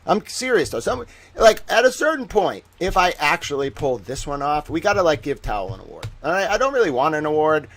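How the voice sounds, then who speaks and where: Guy on a livestream going off, kinda high voice bouncing all over, swearing and fake-mad. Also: brisk, soft background music. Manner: excitable, profane, mock-outraged ranting. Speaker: live streamer. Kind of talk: live-stream commentary while reading online.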